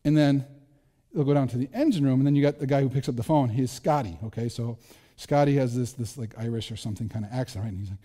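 Middle-aged male pastor, mellow voice, chatty self-deprecating sermon, echoey hall. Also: mid-range voice, fast. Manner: conversational, self-deprecating, frequent restarts.

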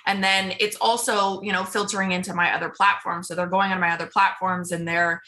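A woman's voice: fairly low pitch, level tone, a little fast, bright, forceful tone. A young adult woman guest talking casually and eagerly in an interview, often repeating words for emphasis. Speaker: podcast guest.

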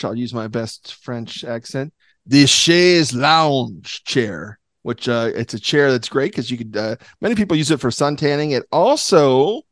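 A man's voice: mid-range voice, no room sound, studio quality. Rambling man co-hosting a podcast. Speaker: podcast co-host. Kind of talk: casual chat.

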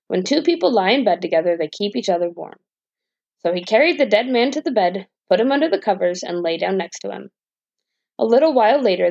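A woman reads a bedtime fairy tale in a calm, even storyteller voice. Her tone has a gravelly fry at the edges. The recording sounds dull and lo-fi. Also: medium pitch.

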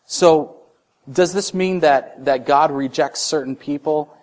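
A man's voice: fairly high pitch, takes it slowly, a little mellow. A man in his thirties preaching a sermon in a conversational way, restarting phrases and acting out short voices. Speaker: pastor.

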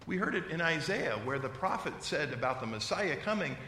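A man's voice: a little high, animated, brisk, sharp tone, a little hiss or hum. A pastor from the United States preaching a sermon and reading scripture aloud, with playful mock voices for his examples. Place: church sanctuary. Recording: echoey hall, long reverb.

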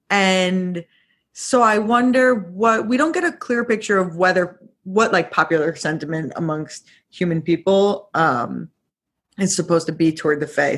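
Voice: medium pitch, a bit bright. A podcast co-host musing casually about a TV series, hesitant with many ums.

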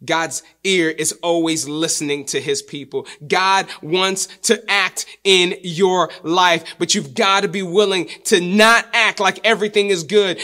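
A man preaching a sermon, repeating his key lines for emphasis and dropping his voice low to drive a point home. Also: bright, forceful tone.

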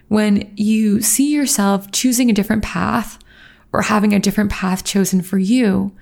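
Woman in her 30s, earnest and teary, talking straight to her viewers, bit of vocal fry, soft dark tone. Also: medium pitch. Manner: earnest, emotional and open. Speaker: vlogger. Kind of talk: personal reflective talk to camera.

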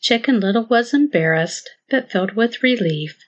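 A woman hosting and narrating a rhyming children's story in a measured, sing-song delivery. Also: on the high side, expressive. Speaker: storyteller host. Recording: dull lo-fi dry recording.

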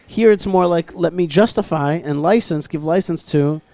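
A man hosting a talk show, telling stories in a casual, animated way with many restarts and quoted dialogue. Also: fairly high pitch, moderate pace, dry recording. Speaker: podcast host. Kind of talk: casual storytelling conversation. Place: outdoors at a plaza.

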